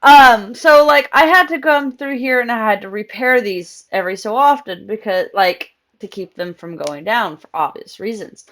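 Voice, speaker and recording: High-voiced chatty woman game streamer. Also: lively intonation, moderate pace, hardly any pauses, fairly bright tone. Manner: chatty, rambling, laughs often. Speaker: live streamer. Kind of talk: casual live-stream chat while gaming.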